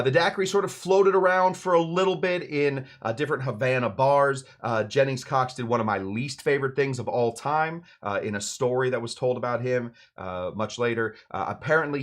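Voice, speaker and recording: A man hosting a cocktail lesson tells drink history in a loose, rambling way. He jokes as he goes and keeps slipping into goofy voices for the characters in his anecdotes. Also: mid-range voice. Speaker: cocktail show host. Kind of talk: casual storytelling lesson.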